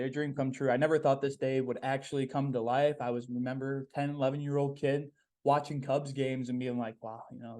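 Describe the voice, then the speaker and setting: Young man, podcast host, casual solo talk, upbeat, rambling, mid-pitched. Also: darkish tone. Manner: upbeat, rambling, with many "um"s and repeated phrases.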